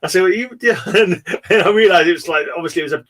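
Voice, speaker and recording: A man's voice: high-pitched, fast talker, fairly bright tone. A man hosting a casual online chat, telling stories in a rambling way, with many restarts and fillers and frequent laughter. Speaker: host. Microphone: remote call.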